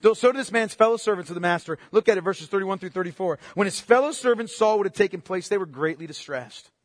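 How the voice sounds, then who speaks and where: A man preaching a sermon with passion, firing rhetorical questions and swinging between loud outbursts and hushed asides. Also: sits high, quick pace, no room sound, studio quality, in a large hall. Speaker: pastor.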